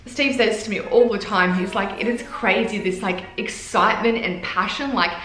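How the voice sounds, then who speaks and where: Excitable woman vlogger, mid pitch, slightly echoey room. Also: moderate pace. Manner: gushing, excitable. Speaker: fitness clothing brand founder. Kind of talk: casual vlog talk to camera.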